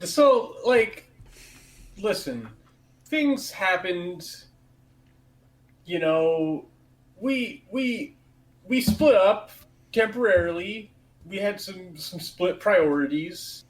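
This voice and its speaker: A man's voice: high voice, expressive, extremely slow, pauses often, poor audio. A man playing a tabletop game, hesitant and rambling as he explains, with a joking edge. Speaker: player. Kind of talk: casual chat in a tabletop game.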